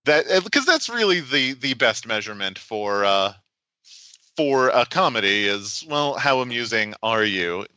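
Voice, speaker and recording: A man's voice: medium pitch, sing-song, measured pace, pushed and bright, dry recording, poor audio. A man, a game designer, explaining his tabletop game in a podcast interview, thoughtful and full of restarts.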